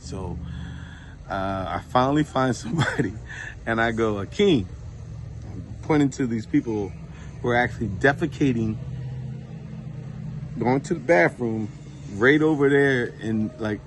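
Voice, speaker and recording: A man casually telling true faith stories, informal and lively when he retells what people said. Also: on the low side, a little hiss or hum. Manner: informal, animated when retelling dialogue, many fillers. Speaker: Christian storyteller. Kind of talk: casual testimony to a phone camera.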